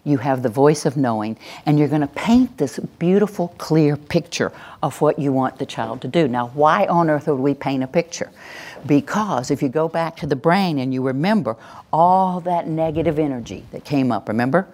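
A woman teaching a workshop to an audience, animated and acting out example voices. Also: sits low, normal speed. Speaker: teacher trainer.

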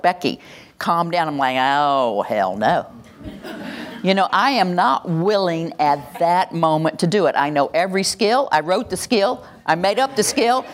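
A woman presenting a live workshop, animated and acting out little scenes as she teaches. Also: lowish voice. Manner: animated, acts out little scenes and laughs along. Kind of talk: live teaching talk to an audience.

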